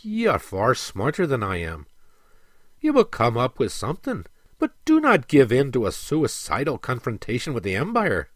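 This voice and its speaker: A man voicing an old, dying dwarf king who speaks firmly and commandingly, in a measured, slow delivery. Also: medium pitch, huge pitch swings, dry recording, clean studio sound. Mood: stern commanding. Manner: firm, declarative, louder than the narration. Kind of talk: audiobook character reading.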